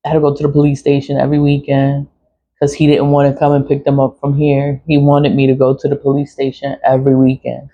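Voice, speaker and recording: A middle-aged woman vlogger tells a personal story in a bass voice, quick-paced, mellow and completely flat. She's blunt, swearing and venting with laughs, on dull lo-fi audio.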